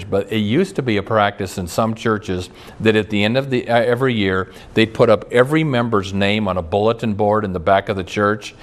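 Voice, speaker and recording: A man preaching a sermon as pastor, folksy and storytelling, with homespun jokes and some stumbling restarts. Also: fairly low pitch. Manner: folksy, tells jokes and stories, frequent restarts.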